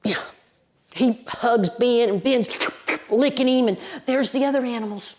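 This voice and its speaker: An Appalachian woman tells a story out loud with folksy, lively energy. Her voice sits somewhat high for a woman. She drops into colloquial mountain phrasing as she goes. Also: measured pace. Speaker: storyteller, podcast guest. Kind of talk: animated oral storytelling.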